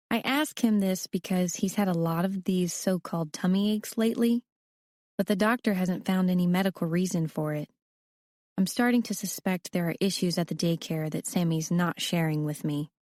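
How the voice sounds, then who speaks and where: A woman reads a first-person novel in a steady, conversational way. Her voice sits low, and the recording is close and dry with no room sound. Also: normal speed, no echo. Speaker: audiobook narrator. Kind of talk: first-person scripted narration.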